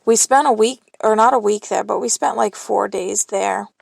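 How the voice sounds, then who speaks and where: At a moderate pace, a young woman with a creaky, mid-range voice talks candidly into her phone for her solo podcast, with no room sound. The confessional monologue rambles along, sprinkled with offhand swearing.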